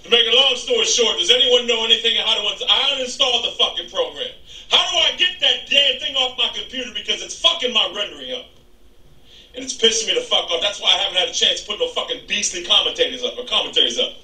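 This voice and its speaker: A man ranting angrily and profanely about his computer troubles in a casual vlog, with shouted outbursts. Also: high-pitched, lively intonation, fast, far from the mic. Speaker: gaming YouTuber. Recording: echoey room, off the mic.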